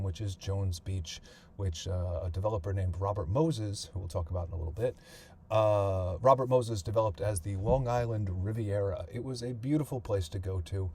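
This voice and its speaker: Man, middle-aged, warm mellow tone, casual podcast narration, some fillers. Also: fairly low pitch, a little hiss or hum. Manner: conversational, thinking aloud with fillers and restarts. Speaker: podcast host and author. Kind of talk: personal history narration.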